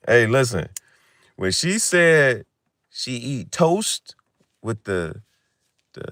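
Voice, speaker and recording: Young male vlogger, lower voice, lively slangy late-night rambling, dry close sound. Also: no room sound. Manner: loose slangy talk, laughs often, swings from loud to mumbled. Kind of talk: casual late-night chat.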